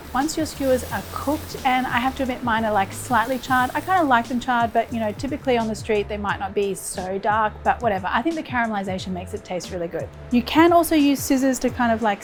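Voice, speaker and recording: An Australian woman hosting a cooking show, chatty and enthusiastic as she demonstrates a recipe. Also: fairly high pitch.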